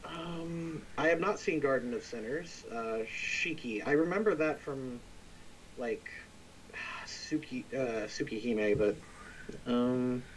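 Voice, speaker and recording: A man acting as game master on a relaxed livestream, chatting casually, thinking aloud and reading out chat messages. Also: mid-range voice, takes it slowly, a little hiss or hum, poor audio.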